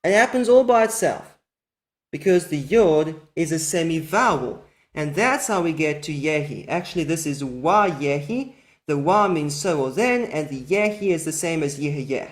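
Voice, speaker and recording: A teacher giving a methodical recorded lesson, slowing down to spell out each example word carefully. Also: medium pitch, lively intonation.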